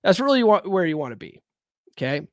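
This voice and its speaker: A man's voice: high-pitched, sing-song, brisk, no echo, studio quality. Blunt, profane man talking to listeners. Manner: blunt and profane, keeps asking "right?"; rhetorical, challenges listeners directly. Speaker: podcast host. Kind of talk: casual solo talk on dating and self-improvement.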